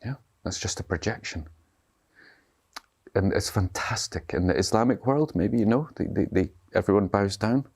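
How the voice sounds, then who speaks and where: A meditation teacher delivers a dharma talk in a lowish, husky, slightly mellow voice at normal speed. His style is casual and conversational, punctuated by tag questions to check in with listeners.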